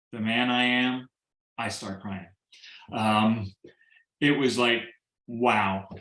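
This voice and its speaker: A man tells a personal story over a video call in an animated way, acting out quoted dialogue and slipping in jokes. His voice sits at a middle pitch, and the room around him gives it a noticeable echo. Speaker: guest sharing a testimonial.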